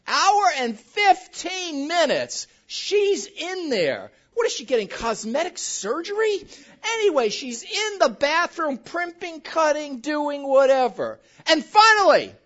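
A woman pastor preaches with a bright, swooping voice that climbs and dips all the time. She tells joking stories right at her congregation. The recording sounds a little muffled. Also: sits high. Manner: animated, joking storytelling addressed to the congregation. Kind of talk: sermon.

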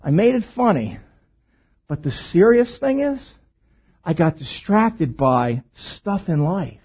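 Male pastor, animated husky storyteller, slightly muffled recording. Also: sits high, takes it slowly. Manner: storytelling with humor, swinging between hushed and loud. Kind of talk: sermon.

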